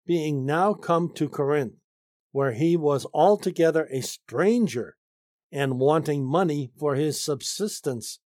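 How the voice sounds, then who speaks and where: A man teaching the Bible, reading commentary aloud and explaining it slowly, stressing key phrases. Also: a little high, a little mellow, no echo, studio quality. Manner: slow, deliberate reading with emphatic stresses.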